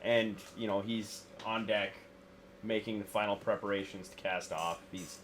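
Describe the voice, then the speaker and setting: A man narrating as game master in a tabletop game, speaking in halting, casual sentences with fillers. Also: on the low side, fairly even intonation, fairly bright tone, a little hiss or hum.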